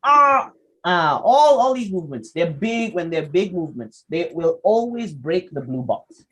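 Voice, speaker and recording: A young man leads a public speaking workshop. He moves through his slides in a lively way, stopping to ask his listeners questions. He slips into short acted examples to make each point. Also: a little high, breathy edge, rough recording. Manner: lively, acts out quick examples, asks the audience questions. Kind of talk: lecture presentation with slides.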